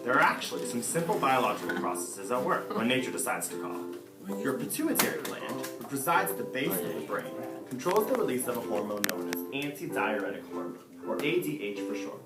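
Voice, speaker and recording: Guy narrating an explainer vid, bouncy pitch, loud music under him, echoey room. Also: very animated, fairly quick. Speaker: narrator of an educational video. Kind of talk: scripted narration.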